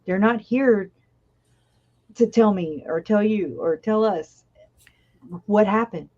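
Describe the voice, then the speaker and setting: A woman co-hosting a casual true-crime chat. She speaks haltingly, laughs often and breaks off her own sentences. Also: medium pitch, darkish tone. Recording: muffled lo-fi audio.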